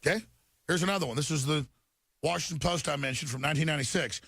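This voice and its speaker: A man hosts a talk show, ranting in an agitated rush and tripping over repeated words. His voice sits a little high and has a gravelly edge. The recording is dry and close. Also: fast, fairly bright tone, dry recording. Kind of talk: talk radio monologue reading headlines.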